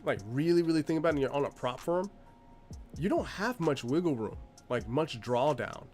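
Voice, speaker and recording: A man's voice: a little high, animated, normal speed, a little mellow, faint music behind. A man hosting a reaction video, commenting in a sarcastic, exasperated way.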